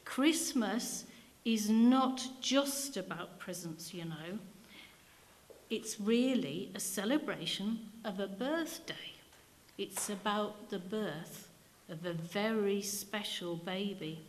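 A woman's voice: medium pitch, lively intonation, slow. A woman voicing a kindly village vicar with a Yorkshire accent, in a hall with long reverb. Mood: gentle.

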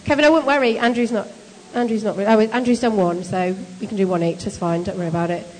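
Brisk, teasing woman in a hall. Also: mid-range voice. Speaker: shelter volunteer leader running a bed-making activity. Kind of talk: casual instructions to a group.

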